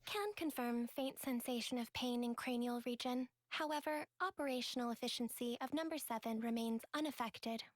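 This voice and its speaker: An actress voicing an emotionless young female soldier who speaks in a flat, clipped, robotic way, in a video game. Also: on the high side, moderate pace, few pauses, no echo, natural voice. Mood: clinical.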